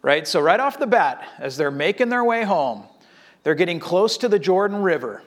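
A man preaching a sermon, reading scripture and acting out the speakers in a casual, animated way. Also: high voice, normal speed. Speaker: pastor.

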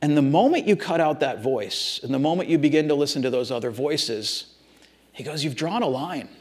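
A man's voice: on the high side, animated, brisk, slightly rough. A man preaching a sermon, talking straight to his congregation in an earnest, repetitive way. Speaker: pastor.

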